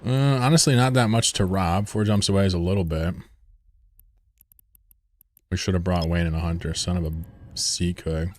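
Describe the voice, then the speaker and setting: Deep-voiced joking male streamer. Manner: rambling, joking, swears freely. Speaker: game streamer. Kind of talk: casual live-stream chat.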